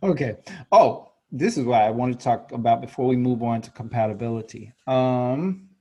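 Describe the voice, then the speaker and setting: A man hosting a podcast, chatty and loose, with a middling pitch. He laughs easily and often leaves his sentences unfinished. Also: moderate pace, a little mellow, lo-fi sound. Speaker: podcast host. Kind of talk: casual chat.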